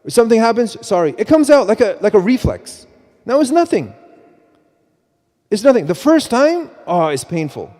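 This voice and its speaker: Middle-aged guy preaching in a mosque, mellow tone, big hall echo, keeps restarting and repeating himself. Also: high-pitched, moderate pace. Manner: animated, many restarts and repeats, quotes himself. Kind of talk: mosque talk on parenting. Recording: long hall reverb.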